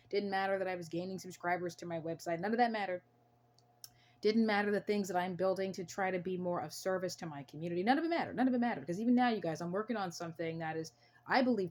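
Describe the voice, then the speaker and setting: A young American woman speaks to camera in an earnest, emphatic way, often saying the same phrase twice for weight. Her voice sits low. A faint background hum runs under the talk. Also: darkish tone. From United States. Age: young adult. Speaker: channel host.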